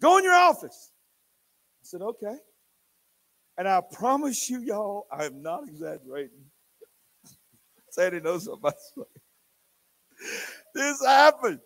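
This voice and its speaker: An older male pastor with a notably high voice preaches in church. He tells stories animatedly, dropping to a near whisper, then booming out. His delivery is expressive and conversational. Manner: animated, swinging from hushed to loud. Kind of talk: sermon storytelling.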